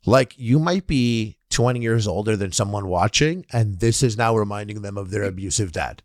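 A man talking as a guest in a casual podcast chat, telling stories in an animated way with plenty of swearing. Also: on the low side, normal speed, no echo, studio quality. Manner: animated, profane storyteller.

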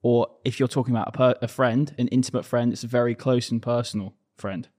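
A man talking casually on a podcast and explaining things in a relaxed way. His voice sits at an ordinary middle pitch. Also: quick pace. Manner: explaining things in a laid-back way. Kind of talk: casual chat.

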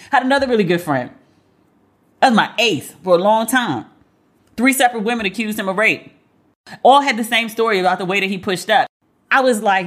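A woman's voice: on the high side, fast talker. A woman in a casual commentary monologue, talking candidly and profanely and acting out other people's voices as she retells stories. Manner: candid, profane, animated storytelling.

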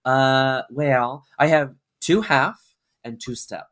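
A man's voice: mid-range voice, slow, fairly bright tone. A man from Washington State, a drag performer chatting as a podcast guest, rambling and giggly. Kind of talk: casual chat.

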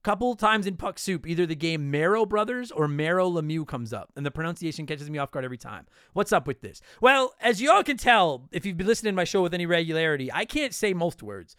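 A man's voice: high-pitched, big pitch swings, fast, hardly any pauses, fairly bright tone, clean tone, dry recording, clean studio sound. A man in his thirties from Canada hosting a casual solo podcast, answering listener questions in a blunt, profane, joking way.

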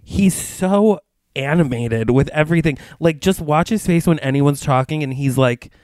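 A man's voice: fairly high pitch, moderate pace, a little mellow, dry recording. A man co-hosting a reality-TV recap podcast, leading the segments in casual chat full of fillers. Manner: chatty, leads the segments, lots of "like". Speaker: podcast co-host.

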